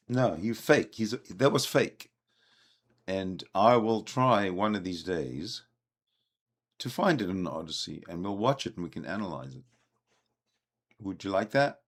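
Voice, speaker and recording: Deep, gravelly male host; halting delivery, trips over his own words. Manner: halting, hesitant, many restarts. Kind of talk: live stream commentary.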